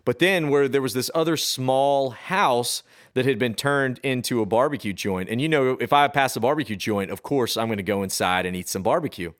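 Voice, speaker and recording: A man from the Austin area, telling a spooky story on a podcast in a chatty, meandering way. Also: medium pitch. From Texas, Austin area. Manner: chatty, drawn-out, with fillers and restarts. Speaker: podcast co-host. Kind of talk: casual storytelling of a spooky true tale.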